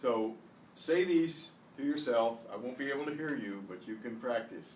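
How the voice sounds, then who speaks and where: A male teacher runs an online beginner lesson, sounding out each word slowly and with deliberate exaggeration. His voice sits at an ordinary pitch. The mic is set back in a roomy, echoing space with a faint hiss underneath. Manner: repeats words slowly with exaggerated pronunciation. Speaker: Spanish teacher. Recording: echoey room, distant mic, faint hiss.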